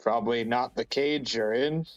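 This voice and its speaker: A man's voice: medium pitch, moderate pace, muffled recording, soft background music. A man playing a tabletop game, playful and blunt, laughing often. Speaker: player. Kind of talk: tabletop role-play.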